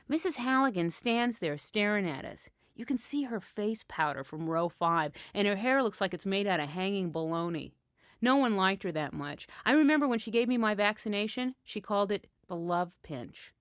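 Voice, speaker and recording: A woman telling a first-person story in a frank, wry, deadpan way. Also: mid-range voice, normal speed, no room sound, studio quality.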